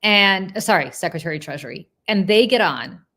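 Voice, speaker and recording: A woman hosting a political talk show, telling a story in an animated, casual way with asides and restarts. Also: fairly low pitch, fairly quick. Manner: slips into mocking quoted voices of politicians. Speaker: political commentator and show host.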